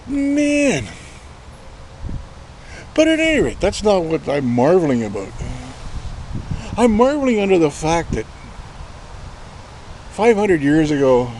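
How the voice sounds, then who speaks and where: A man's voice: on the high side, mellow, a little hiss or hum. A man, ranting sarcastically in rambling political commentary with lots of swearing. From Canada. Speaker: vlogger.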